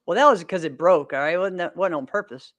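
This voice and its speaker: Speaking quickly in a high-pitched, slightly bright voice, a man in his thirties hosts a podcast and chats casually. He's a martial arts competitor who rambles cheerfully, laughs a lot, and leans on fillers. No room sound is audible.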